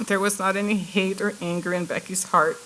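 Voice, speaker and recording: A woman reads a prepared victim impact statement in a courtroom, her voice breaking with emotion at times. Her pitch sits mid-range for a woman. A faint hiss runs under the courtroom feed. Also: fairly even intonation, fairly quick, fairly bright tone, poor audio. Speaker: victim's family member giving an impact statement.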